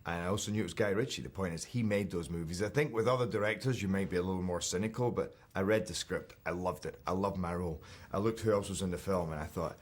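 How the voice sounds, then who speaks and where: Low-voiced scottish guy, actor in an interview, laid back, keeps restarting his sentences. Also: quick pace, hardly any pauses. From Scotland. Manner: relaxed, self-deprecating, hesitant restarts. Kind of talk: casual interview chat.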